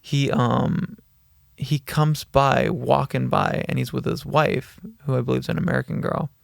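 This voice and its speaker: Gravelly man telling a wild story. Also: mid-range voice, a little slow, no room sound, studio quality. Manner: animated, swears freely, laughs mid-story. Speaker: podcast guest. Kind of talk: casual anecdote telling.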